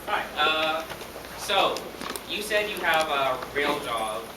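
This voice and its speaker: Halting male audience questioner, mid-pitched, buried in loud hall noise. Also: animated. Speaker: audience member asking a question. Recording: echoey hall from far off, loud background noise.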